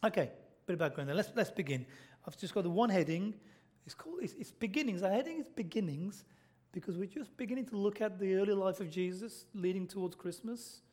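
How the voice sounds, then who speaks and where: High-voiced preacher, chatty and quick. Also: male voice, darkish tone. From Britain. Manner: chatty, asks the congregation questions, keeps saying okay. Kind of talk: sermon. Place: church.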